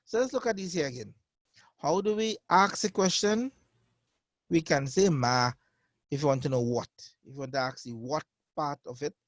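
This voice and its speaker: A man teaching a beginner Arabic class, patiently repeating each phrase slowly for his learners. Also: fairly high pitch, no room sound. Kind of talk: online beginner language lesson.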